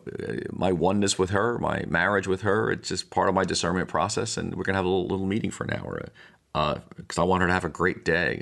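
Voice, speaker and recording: A man's voice: low voice, gravelly. A man, older, speaking as a pastor and podcast host in a reflective teaching monologue, wandering through asides and restarts. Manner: rambling, many restarts and asides.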